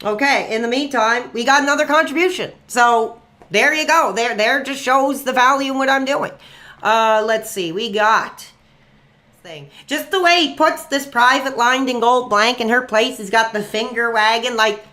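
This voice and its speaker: A man's voice: very high voice, normal speed, sharp tone. A young man streaming live and taking calls, rambling with fillers and flaring into angry rants at trolls. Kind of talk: live stream call-in chat.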